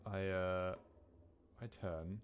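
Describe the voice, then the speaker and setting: A man's voice: low voice, fairly even intonation, extremely slow. A man playing a tabletop role-playing game, talking in a dry, wry and hesitant way. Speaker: player.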